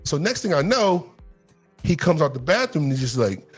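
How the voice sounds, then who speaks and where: A middle-aged man with a slightly husky, fairly high voice spins a rambling, profane story on a podcast. He jumps up in pitch whenever he acts out what people said. Faint music plays underneath. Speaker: podcast co-host telling a story. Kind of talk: casual storytelling chat.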